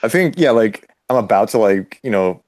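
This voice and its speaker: A man's voice: lowish voice, lively intonation, moderate pace, darkish tone, no echo. A man playing in a tabletop game, laid-back and casual, full of "like" and laughs. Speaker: player.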